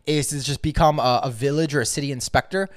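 A young man co-hosting a casual chat who tells a ranting work story, swearing heavily as he goes. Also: fairly high pitch. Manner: heavy swearing, ranting, fast. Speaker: podcast co-host, trades contractor.

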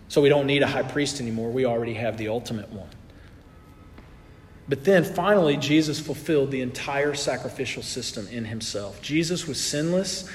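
A man preaching a sermon in an earnest way, building in intensity and then dropping soft. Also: on the high side, long reverb tail.

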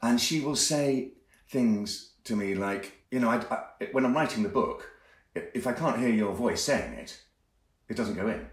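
A man, an actor, talking about his work in an enthusiastic, expressive way with a few restarts. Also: mid-range voice, normal speed. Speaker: actor, guest. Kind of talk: conversational interview. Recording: roomy, echoey sound.

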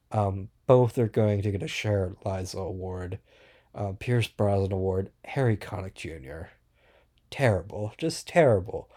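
Blunt rambling man, low mellow voice. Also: breathy edge. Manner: rambling, blunt and sarcastic, many fillers. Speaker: theater reviewer. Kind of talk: casual spoken review.

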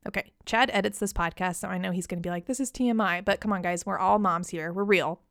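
A woman's voice: on the low side, quick pace, no echo. Woman, thirties, podcast host, candid, chatty, dry close sound. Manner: candid and chatty, laughing at herself. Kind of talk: personal story on a podcast.

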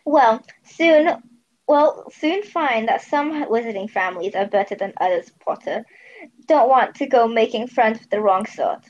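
A smug, snooty young wizard boy sneers down at everyone , played by a woman dropping her voice. The lines come out in an unhurried, superior drawl. The pitch still rolls around a lot beneath the sneer. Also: animated, darkish tone, dull audio.

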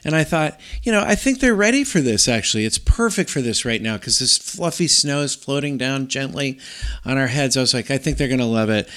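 A middle-aged man co-hosting a podcast, telling a long story in a rambling, animated way with many restarts. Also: mid-range voice, brisk, clean tone. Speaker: podcast co-host. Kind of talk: casual storytelling chat.

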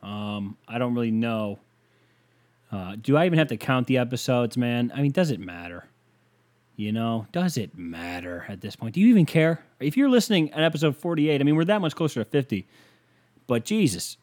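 A young man talking alone into a desk microphone for his podcast. He rambles casually, swears freely and drifts into sarcastic rants. His voice sits at an ordinary pitch for a man. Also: animated, moderate pace, darkish tone. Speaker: podcast host. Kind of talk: casual solo podcast monologue. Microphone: desk microphone with pop filter.

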